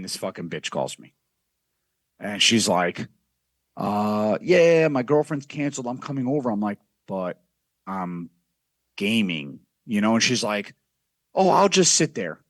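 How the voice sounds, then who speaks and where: A man's voice: mid-range voice, no echo. A man telling a brash, profane story as a guest on a casual podcast.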